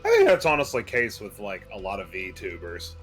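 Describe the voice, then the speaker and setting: A man's voice: on the low side, huge pitch swings, a little fast, soft background music, rough recording. A man joining a friend's gaming stream, laid-back and laughing a lot, swearing casually. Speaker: guest playing along on the stream. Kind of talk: casual chat while gaming.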